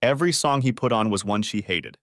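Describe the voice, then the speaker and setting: Male audiobook narrator, animated pitch, dry close sound. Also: a little fast, dry recording. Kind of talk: scripted story narration.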